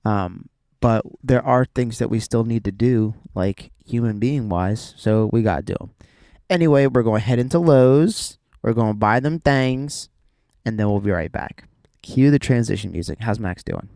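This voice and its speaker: A man's voice: mid-range voice, animated, moderate pace, dark tone, no echo, studio quality. A man in his thirties, chatting casually with his wife while driving, with playful jokes and asides. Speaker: vlogger, father. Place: car.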